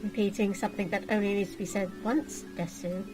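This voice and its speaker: A woman voicing an eccentric, nearly headless anime schoolgirl in a flat, robotic delivery. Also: mid-range voice, a little fast, music in the background, natural voice, poor audio. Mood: probing. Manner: flat robotic delivery ending lines with "desu".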